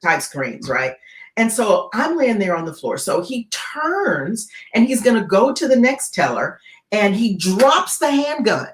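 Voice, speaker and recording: A woman tells a gripping story in an interview, her pitch swinging widely as she builds tension. She keeps tossing in "right?" to pull the listener along, and her voice carries a roomy echo. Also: a little slow. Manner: animated, keeps checking in with "right?". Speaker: guest keynote speaker.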